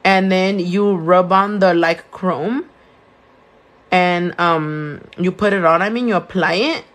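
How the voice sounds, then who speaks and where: A woman's voice: lowish voice, takes it slowly. A young woman with a Californian accent, a nail tech chatting casually on a live stream, answering viewer questions and mixing Spanish words into her English. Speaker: nail tech and shop owner. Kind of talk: casual live-stream chat while doing nails.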